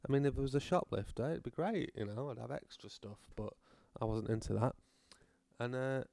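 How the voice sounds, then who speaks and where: A man's voice: medium pitch, brisk, vocal fry, warm tone, no echo. A British man delivering a rambling, sardonic comedic rant, swearing freely and going off on tangents.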